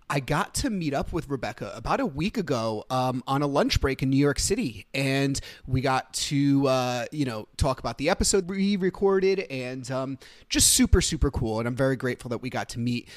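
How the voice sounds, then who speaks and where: A man hosting a podcast, telling stories in a casual, animated way with plenty of fillers. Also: mid-range voice, no room sound. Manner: chatty, animated storyteller with fillers. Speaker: podcast host.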